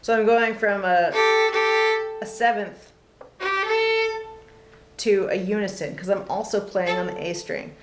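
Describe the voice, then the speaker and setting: A woman teaching a casual fiddle lesson, relaxed and chatty with many pauses and fillers between playing. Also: medium pitch, over loud music. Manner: relaxed, lots of ums, talks between demonstrations. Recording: roomy with loud fiddle playing.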